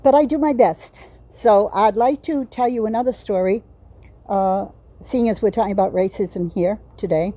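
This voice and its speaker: A woman's voice: mid-range voice, dark tone, dry recording. An older woman telling rambling personal stories in a casual monologue, outdoors at night. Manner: rambling, digressive storytelling with pauses. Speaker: vlogger. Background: crickets chirping.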